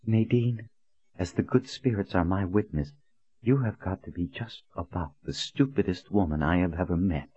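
A man voicing a composed, stern woman leader who speaks in a low, calm, clipped way, on a dull, lo-fi recording. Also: normal speed, breathy edge.

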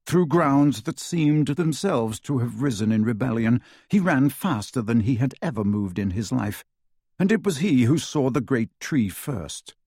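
Expressive male audiobook narrator, husky voice, dry close recording; lively storytelling delivery. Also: medium pitch, no echo. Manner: dramatic, varied pacing.

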